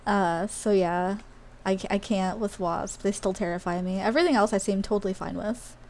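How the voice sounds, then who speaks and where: A woman's voice: medium pitch, fairly even intonation, normal speed, darkish tone. A woman from Australia who streams games live, talking in a casual, rambling way with many fillers and asides. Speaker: game streamer. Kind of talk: casual live-stream chat while gaming.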